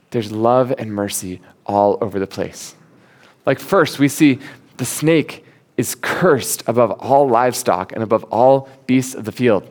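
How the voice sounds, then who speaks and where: A man preaching a sermon in an animated, conversational way, asking rhetorical questions and acting out the quotes he tells. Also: medium pitch.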